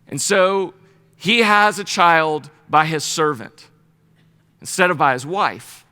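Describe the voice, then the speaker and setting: A man leads a Bible study in a casual, storytelling sermon, full of lively asides and playful voices. His voice sits high and bright. Long reverb from the hall trails behind each phrase. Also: measured pace. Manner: animated storyteller, slips into playful paraphrased voices.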